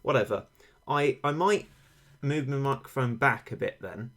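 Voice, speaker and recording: A man's voice: mid-range voice, normal speed, a bit bright. A man chatting casually with stream viewers, wry and rambling, with dry self-mocking humour, close on a desk microphone. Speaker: game streamer. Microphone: failing desk microphone tilted toward him. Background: faint game sound.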